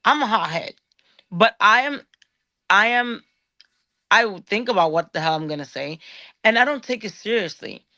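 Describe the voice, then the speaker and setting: A woman delivers a heated, profane call-out, tripping over and repeating her words as her anger builds. Her voice is bright and edged, recorded dry and close with no room around it. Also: medium pitch, lively intonation, normal speed, pauses often, dry recording. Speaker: guest on a streamer's show.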